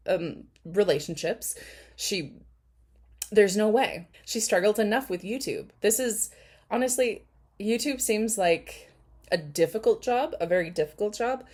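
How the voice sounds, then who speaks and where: A woman giving casual reaction commentary, chatty and rambling, with frequent laughs and ums. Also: fairly low pitch. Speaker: commentary YouTuber.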